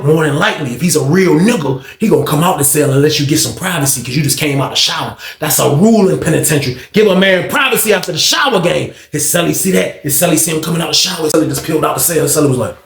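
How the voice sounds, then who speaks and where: A man casually telling a story in a slangy, profane, animated way, acting out what people said. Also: on the high side, creaky. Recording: roomy echo.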